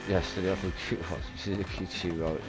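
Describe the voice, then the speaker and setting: A man's voice: sits low, fairly even intonation, moderate pace, vocal fry, over music. A man chatting casually and swearing while streaming a game. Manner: swearing, rambling storytelling. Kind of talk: casual chat while gaming.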